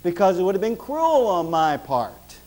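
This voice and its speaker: A man preaching a sermon as pastor, emphatic, swinging between loud stresses and hushed closing prayer. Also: sits high, sing-song, moderate pace, poor audio.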